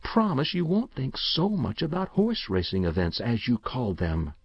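A man's voice: medium pitch, wildly swooping pitch, moderate pace, breathy edge, no echo, dull audio, full character voice. A man voicing an anxious, weary mother who coaxes and pleads with her son. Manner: anxious, coaxing.

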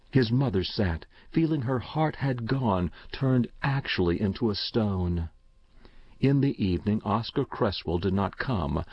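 A man narrates a story aloud in a measured, unhurried way. His voice sits low. The recording is dry and slightly dull. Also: dry recording. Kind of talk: audiobook reading.

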